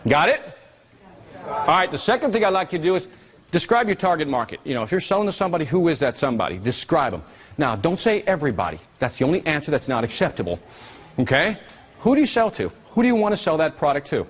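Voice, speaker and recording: A male workshop presenter teaching a live seminar, energetic and constantly quizzing his audience with questions. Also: a little high, fast, husky.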